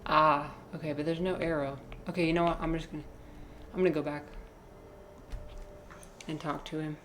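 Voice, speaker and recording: A woman's voice: sits low, little pitch movement, normal speed, a bit bright, reverberant, a little hiss or hum. A woman live-streaming a video game, chatting in a rambling, playful, self-mocking way. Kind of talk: casual live gaming commentary.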